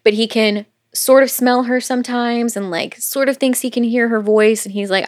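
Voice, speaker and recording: A woman co-hosting a podcast, retelling a novel's plot in a casual chat with quick quoted asides, swearing and laughter. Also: fairly high pitch, fairly even intonation. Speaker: podcast co-host. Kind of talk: casual book recap chat.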